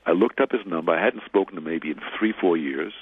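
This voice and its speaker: Older male guest, very low husky voice, rambling anecdote over a tinny phone-like line. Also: quick pace, no echo. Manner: rambling, animated retelling with quoted dialogue. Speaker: interview guest. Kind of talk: anecdotal storytelling.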